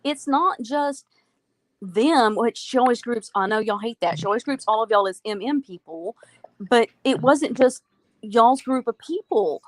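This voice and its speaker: Emphatic woman, higher voice. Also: no echo, rough recording. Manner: frustrated, emphatic, drawn-out stresses. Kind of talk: casual chat about online drama.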